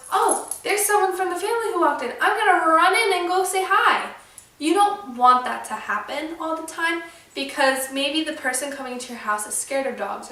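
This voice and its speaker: A woman with a high, bright voice talks slowly through a casual dog-training tutorial. She calls short commands to her dog patiently. She is recorded from a distance in a very echoey room, with faint dog sounds in the background. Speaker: dog trainer and channel host.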